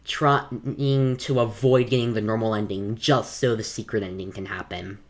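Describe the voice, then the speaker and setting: Very deep-voiced woman making casual remarks. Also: fairly even intonation, moderate pace. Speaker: YouTuber reacting to a video. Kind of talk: casual reaction commentary.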